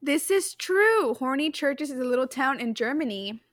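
A woman's voice: high-pitched, expressive, normal speed, dry recording, studio quality. A woman co-hosting a podcast and reading out quiz questions in casual chat, giggly and chatty, often laughing. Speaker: podcast co-host running a quiz.

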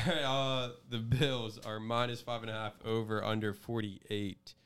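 A man's voice: lowish voice, level tone, measured pace, a bit bright, clean tone. A man hosting a casual sports betting podcast, loose and chatty as he runs through the week's games. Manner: loose, chatty, laughs easily. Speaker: podcast host leading the picks.

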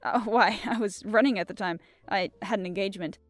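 A woman's voice: mid-range voice, fairly quick, dry recording, soft background music, lightly acted. A woman voicing a young man accused at a ballgame, protesting and flustered.

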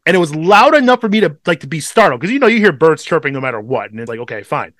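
A man co-hosting a podcast, telling a story in casual chat, swearing constantly and animated. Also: a little high, racing, dry recording, studio quality. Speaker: podcast co-host.

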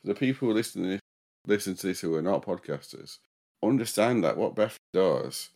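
Low-voiced mumbling South Yorkshire man. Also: lively intonation, creaky, a little mellow. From South Yorkshire, England. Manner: mumbling, halting, restarts words. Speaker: podcast guest and host of his own show. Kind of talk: casual remote podcast chat.

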